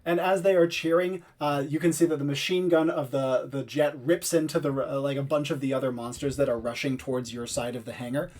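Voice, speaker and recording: A man narrating a tabletop game as game master, describing scenes in an unhurried way with occasional fillers. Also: mid-range voice, fairly even intonation, darkish tone.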